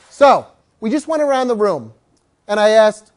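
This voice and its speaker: Man, dog trainer, lecturing a class, storytelling, animated, acts out quotes. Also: high-pitched, moderate pace.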